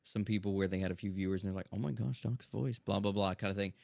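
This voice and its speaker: A man talking casually on a podcast in a low, projecting chest voice, keeping a calm, even, near-monotone delivery. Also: fast talker, gravelly, dry recording. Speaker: streamer guest. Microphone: dynamic studio microphone.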